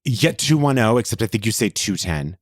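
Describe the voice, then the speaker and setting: A man with a very low voice chats as a podcast co-host, spinning stories with campy, dramatic flair. The sound is dry and close to the mic. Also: animated, a little fast, no echo. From Texas. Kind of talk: casual chat.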